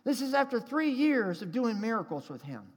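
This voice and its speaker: High-pitched preaching man in a reverberant hall. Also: sing-song, normal speed. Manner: emphatic preaching, calls for congregation response. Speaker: pastor. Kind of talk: sermon.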